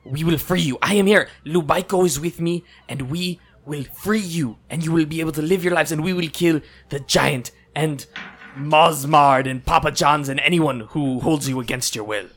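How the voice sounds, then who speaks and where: Heroic goblin pirate, brash and bright, voiced by a man. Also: fairly high pitch, normal speed. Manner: pirate talk, declaiming.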